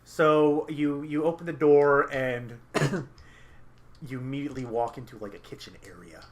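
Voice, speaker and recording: A young man narrating as game master, talking in halting bursts with many restarts and fillers. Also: mid-range voice, steady tone.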